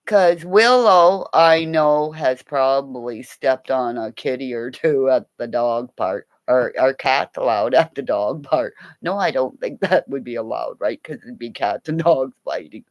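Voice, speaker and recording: A woman from Canada chatting on a late-night livestream, playful and rambling, swinging between loud calls and quiet mutters. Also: a bass voice, measured pace, few pauses, dull audio.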